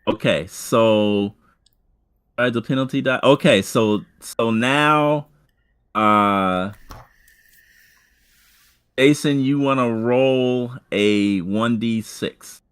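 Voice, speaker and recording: A man running a tabletop game as game master, talking in halting stretches full of fillers and restarts. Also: medium pitch, a bit bright, smooth.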